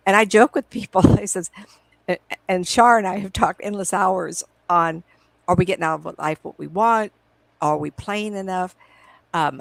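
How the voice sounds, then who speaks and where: A middle-aged woman with a gravelly, creaky edge tells stories as a guest in an interview. Her voice comes dry and close through a computer microphone at home. She rambles from one point to the next and acts out old conversations in quoted lines. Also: fairly low pitch, no echo, poor audio. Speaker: psychic medium guest. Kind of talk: casual interview storytelling. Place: at home on a video call.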